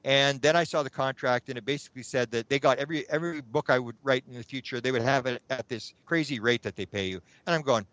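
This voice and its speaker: A man's voice: medium pitch, fast talker, hardly any pauses, no room sound. A middle-aged man, telling a long story as a guest and acting out his own thoughts along the way. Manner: animated, acts out his own past thoughts. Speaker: guest, UFO researcher. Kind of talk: rambling anecdotal storytelling. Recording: dull lo-fi sound.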